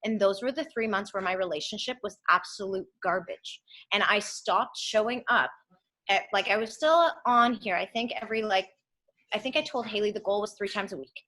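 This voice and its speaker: A woman's voice: medium pitch, normal speed. A young woman telling a candid personal story as a guest speaker, swearing freely and acting out what people said. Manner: animated, swears often, acts out quotes.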